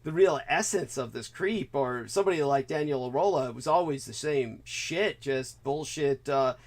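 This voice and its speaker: A man's voice: medium pitch, moderate pace. Rambling male talk-show host. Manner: rambling, many fillers and restarts. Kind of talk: casual talk-show chat.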